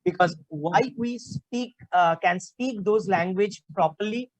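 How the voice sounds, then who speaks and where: A woman from India with a Bengali-tinged Indian English accent, giving an online class as a communication skills trainer over a video call, talking haltingly with many fillers. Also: mid-range voice, dry recording, low-quality recording.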